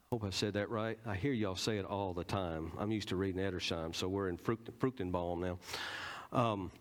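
A man with a Southern American accent preaching a teaching sermon in church, stressing points and quizzing the congregation. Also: lowish voice. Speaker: pastor.

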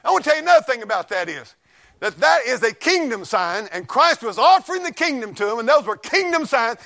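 A preacher man delivers a fiery sermon in a high, bright voice. His pitch leaps around as he tells folksy stories. He drops to low asides, then climbs into loud shouts. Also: sing-song, brisk, creaky. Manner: folksy storytelling, swings from mutters to shouts.

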